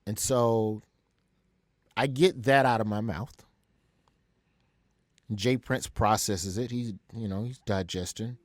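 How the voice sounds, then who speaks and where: A man's voice: fairly low pitch, slow pace, long pauses, dry recording, clean studio sound. A male comedian from Alabama telling a story vividly as a guest in an interview.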